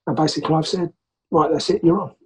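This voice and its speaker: A man's voice: a little high, fast, husky, low-quality recording. A man from England, a podcast guest, telling an anecdote and acting out the voices of the people in it. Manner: animated, acts out quoted voices. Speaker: podcast guest, former rugby player. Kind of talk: anecdotal storytelling.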